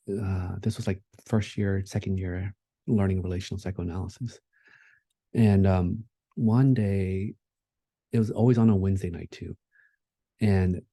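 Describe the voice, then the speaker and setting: Low, mellow-voiced man giving a keynote. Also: no room sound. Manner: reflective, conversational, with many fillers and restarts. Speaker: keynote speaker. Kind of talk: conference keynote talk.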